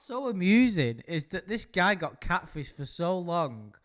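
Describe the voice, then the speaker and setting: A man's voice: high voice, very animated, unhurried, fairly bright tone. A man co-hosting a casual podcast chat, rambling and amused, swearing now and then. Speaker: podcast co-host.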